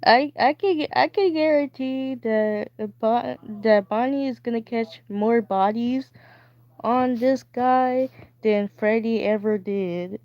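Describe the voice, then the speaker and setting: Streamer woman, playful rambling chat, unhurried, flat dry lo-fi mic. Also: a little high, dry recording. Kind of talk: casual chat. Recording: dull dry recording.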